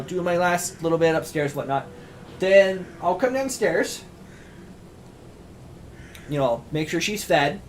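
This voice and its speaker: A man's voice: fairly high pitch, a little hiss or hum. A man streaming a video game in casual, rambling commentary, chatting to his cat between moves. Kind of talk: casual let's-play commentary.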